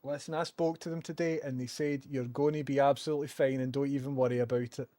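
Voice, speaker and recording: Male streamer, mid-pitched, soft doting baby talk, casual and unscripted. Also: fairly even intonation, fast. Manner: doting, cooing baby talk to his dog. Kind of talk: casual live stream chat.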